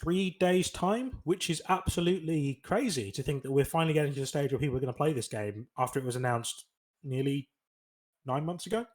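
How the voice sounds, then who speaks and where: A man with a somewhat higher voice co-hosts a podcast in loose, casual chat. He sounds excitable and keeps marvelling at the news. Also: a little fast. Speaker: podcast co-host.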